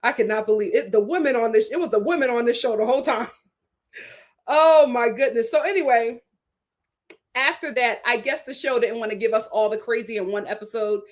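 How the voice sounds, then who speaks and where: A woman hosting a live-stream recap of a reality show, talking in a dramatic, animated way and laughing often. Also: a little high, brisk. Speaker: reality TV review host.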